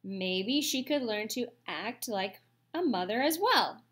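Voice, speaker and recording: Woman reading a kids story aloud, slow and really expressive, voice goes all over. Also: a little high. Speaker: audiobook reader.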